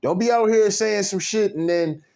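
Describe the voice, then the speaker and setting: A man's voice: high voice, normal speed, creaky, warm tone. A man hosting a casual reaction commentary, rambling and profane, with many fillers. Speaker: commentary channel host.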